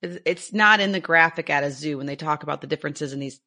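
A woman co-hosting a nature podcast in casual chat, enthusiastic and quick to laugh. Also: deep voice, sharp tone. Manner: enthusiastic, laughs easily, explains with some fillers. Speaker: podcast co-host.

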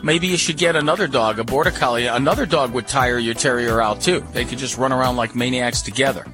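A man's voice: mid-range voice, fast talker, loud music behind the voice. A man giving dog training advice on a radio call-in show, folksy and repetitive as he coaches.

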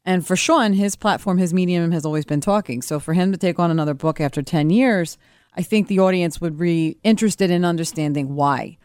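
Lower-voiced woman on dry mic. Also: a little fast, darkish tone, smooth, dry recording. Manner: earnest, talkative, many fillers. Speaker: radio show producer and co-host. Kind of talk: casual radio chat.

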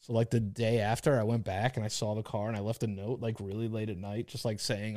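A man's voice: fairly low pitch, flat delivery, brisk, few pauses, mellow. A man co-hosting a podcast, telling stories in a loose, profane, casual way. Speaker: podcast co-host. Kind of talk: casual chat.

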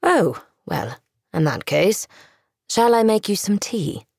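An unruffled gentleman offers tea with pleasant, faintly mocking courtesy, as a female reader puts him on. The voice lifts airily and keeps a gravelly texture in a dry audio-drama read. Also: medium pitch, sing-song, takes it slowly, no echo, voice pushed up, heavily acted. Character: unruffled polished British-style man, smug and courteous.

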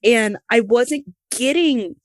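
Animated woman telling a candid story. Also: on the high side, slow, no room sound. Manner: animated, acts out quoted voices, laughs between lines. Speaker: interview guest, former pro wrestler.

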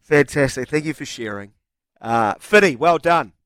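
A man's voice: on the high side, expressive, normal speed, fairly bright tone, no room sound. Man, New Zealand accent, sports radio host, casual studio chat, dry close mic. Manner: upbeat, chatty, reads sponsor lines.

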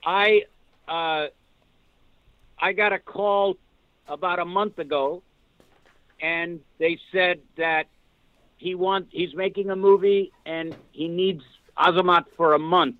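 Older male guest actor, high-ish voice, tinny phone audio; animated, rambling anecdotes. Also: slow, long pauses, dry recording. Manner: rambling, animated storyteller with restarts. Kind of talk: casual podcast storytelling.

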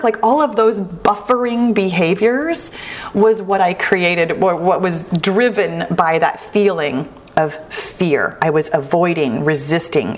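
A woman hosting a solo talk, speaking earnestly and reflectively, slow and deliberate with lively asides. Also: medium pitch.

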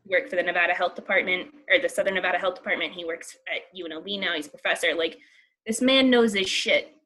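A woman co-hosting a podcast, chatty and animated, swearing freely with plenty of fillers. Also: lowish voice, quick pace. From United States. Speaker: podcast co-host. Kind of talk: casual chat.

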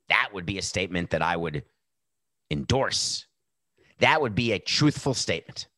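A man's voice: mid-range voice, moderate pace, a bit bright, no room sound. A middle-aged man hosting a podcast, giving blunt, sarcastic opinion commentary. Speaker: podcast host.

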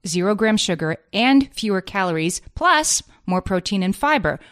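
A woman co-hosting a podcast, reading a sponsor spot in an upbeat, steady way. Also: mid-range voice, normal speed, dry recording, studio quality. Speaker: podcast co-host. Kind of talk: casual ad read.

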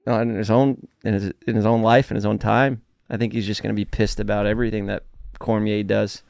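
A man talking casually as a podcast guest, telling animated stories and swearing freely. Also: fairly low pitch, fairly quick, vocal fry, no room sound, studio quality. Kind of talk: casual chat.

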